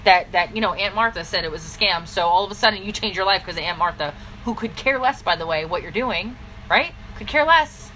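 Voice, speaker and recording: A woman business coach giving a blunt, scolding pep talk straight to camera, with sudden swings in pitch. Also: lively intonation, a little fast, bright, forceful tone, slight background noise, low-quality recording. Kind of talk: direct-to-camera motivational vlog.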